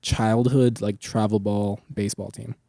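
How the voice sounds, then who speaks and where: A man's voice: on the low side, level tone, measured pace, creaky, dark tone, dry recording, studio quality. A young man hosting a podcast, telling long rambling stories in casual chat, full of swearing and filler words. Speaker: podcast host.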